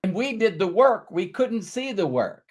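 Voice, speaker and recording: In a high-pitched voice at a normal pace, a middle-aged podcast host relays a story in casual talk. He animatedly performs the quoted voices of its characters and drops casual swears along the way.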